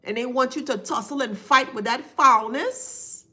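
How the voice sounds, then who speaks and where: A woman's voice: high voice, measured pace, bright, forceful tone. A woman giving a casual spiritual reading on a live stream, emphatic and repetitive, thanking viewers by name. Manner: emphatic, repeats phrases, reads viewer names aloud.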